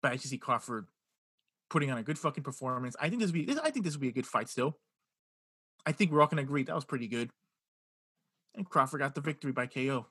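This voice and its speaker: A man co-hosting a boxing podcast, chatting casually and excitedly, swearing and repeating himself as he makes his picks. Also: mid-range voice, fast talker, pauses often, husky, no echo, studio quality. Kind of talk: casual chat.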